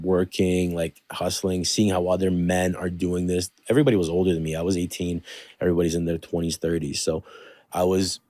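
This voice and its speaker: A man's voice: low voice, dark tone, no room sound. A young man from the Toronto area hosting a podcast, telling stories in a loose, casual way, swearing and using lots of fillers. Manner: loose and profane, with many fillers. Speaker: podcast host. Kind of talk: casual storytelling chat.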